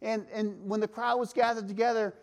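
High-voiced man preaching earnestly. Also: steady tone, a little fast. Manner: earnest, emphatic, varies pace, rhetorical questions. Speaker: pastor. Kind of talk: sermon.

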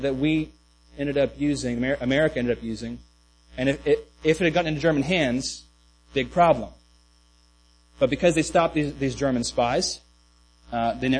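A man's voice: fairly high pitch, darkish tone, slight background noise, low-quality recording. A man preaching a sermon in a loose, conversational way, with many restarts and asides. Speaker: pastor.

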